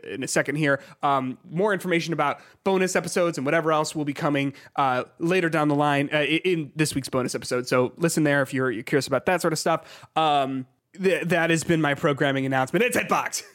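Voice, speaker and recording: A man hosting a casual podcast in a slightly higher voice. He talks in a chatty, upbeat way. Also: quick pace, fairly bright tone. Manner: chatty, many fillers and restarts, upbeat. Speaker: podcast host. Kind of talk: casual chat.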